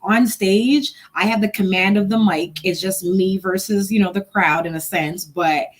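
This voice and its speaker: A woman's voice: mid-range voice, moderate pace. A woman in her thirties from Montreal, a comedian and engineer, telling stories in a casual chat and acting out people in different voices. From Montreal, Canada. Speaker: guest, stand-up comedian and engineer.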